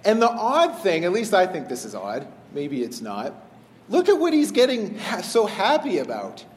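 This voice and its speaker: Male pastor, high voice, lively chatty sermon delivery, long reverb of a hall. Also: moderate pace. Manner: animated, conversational, acts out voices in retellings.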